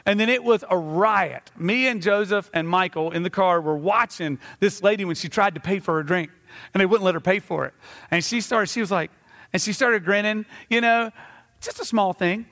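High-voiced preacher in a reverberant hall. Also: male voice, moderate pace. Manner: animated storytelling, acting out scenes. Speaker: pastor. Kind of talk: sermon. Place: church sanctuary. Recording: reverberant church sanctuary.

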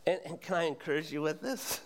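Male pastor, sermon, high voice, earnest, asks the crowd questions, repeats himself. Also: quick pace.

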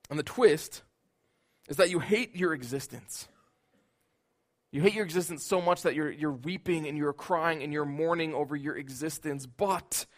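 A man preaching a sermon in an earnest voice, building at times into loud, emphatic outbursts. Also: fairly high pitch.

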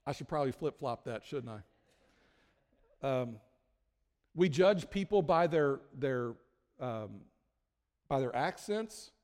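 A man's voice: mid-range voice, expressive, slow pace, pauses often, a little mellow. A male pastor delivering a sermon in a conversational, joking manner with many restarts. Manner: conversational, self-deprecating humor, frequent restarts. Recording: long hall reverb.

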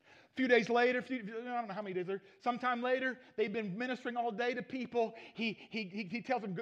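High-voiced preacher, dull recording. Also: male voice, brisk, fairly bright tone. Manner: storytelling, acts out Bible characters in folksy voices. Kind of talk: sermon.

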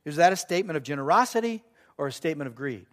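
A man's voice: fairly high pitch, expressive, rapid-fire. A man in his sixties preaching a sermon, asking the congregation rhetorical questions and acting out voices of doubters. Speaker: pastor.

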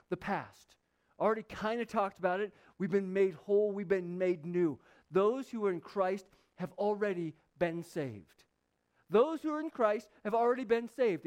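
Male pastor, high voice, emphatic sermon delivery with repetition. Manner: emphatic, repeats key lines for stress.

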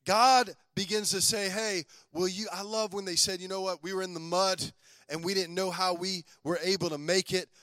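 A male pastor preaching a lively sermon, calling on his congregation to repeat lines after him. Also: high voice, normal speed, dry recording.

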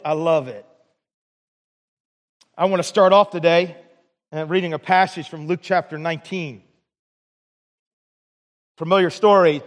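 A man preaching a sermon as pastor in a church, earnest, often restarting his phrases and asking "right?". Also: sits high. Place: church sanctuary. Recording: long hall reverb of a church.

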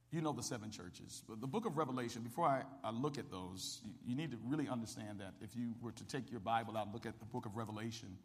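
A male pastor preaching a sermon from the pulpit, calling on the congregation to answer back and building up to shouts. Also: medium pitch, big-room sound. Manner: call-and-response preaching, rising to shouts. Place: church sanctuary. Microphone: microphone with ring.

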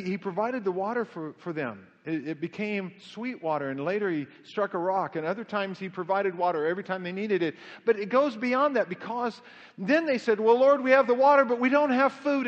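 A man preaching a sermon in an animated way, swinging his pitch up and down to act out quotes. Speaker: pastor. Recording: dull lo-fi sound with long hall reverb.

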